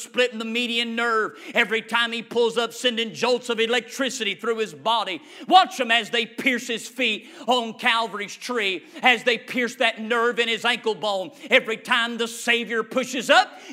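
A man's voice: extremely high pitch, bright, forceful tone. A man preaching a sermon in a fervent, rhythmic style.

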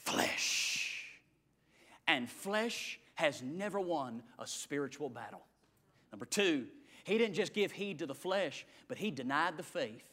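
A male pastor preaching a sermon, swinging from shouts to hushed tones in a repetitive cadence. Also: on the high side, animated, slow. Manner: dramatic swings from shouting to hushed near-whispers.

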